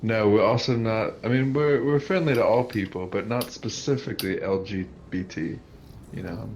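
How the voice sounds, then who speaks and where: A man's voice: on the low side, moderate pace, darkish tone, lo-fi sound. A man chatting casually with his raid group, rambling and hesitant with lots of fillers. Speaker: raid group member and streamer. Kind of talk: casual voice chat during a game raid. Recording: noisy.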